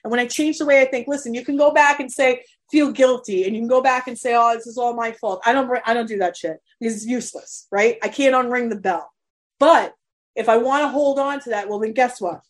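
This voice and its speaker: A middle-aged woman coaching parents in a motivational live-stream talk, emphatic and energetic, blunt and casual. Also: fairly high pitch, brisk.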